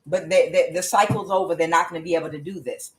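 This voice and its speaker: A woman giving a tarot reading as an angry, profane rant, mocking the people she blames and filling pauses with "uh". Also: on the low side, fairly even intonation. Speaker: tarot reader. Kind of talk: ranting tarot reading monologue.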